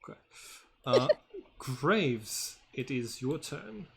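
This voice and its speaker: Slow, halting male game master. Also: mid-range voice, big pitch swings, vocal fry, fairly bright tone, slightly rough. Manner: halting, full of fillers, hums while working. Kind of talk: running an online tabletop game.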